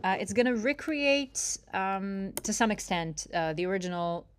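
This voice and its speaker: A woman narrating a live software demo, chatty and self-mocking, thinking aloud as she works. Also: mid-range voice, animated, moderate pace, clear, resonant tone. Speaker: product demonstrator.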